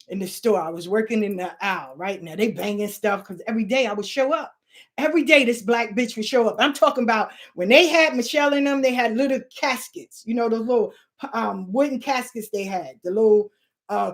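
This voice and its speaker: A middle-aged woman telling a long personal story in casual, profane, animated talk, slipping into the voices of the people she quotes. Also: on the high side. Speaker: spiritual channel host.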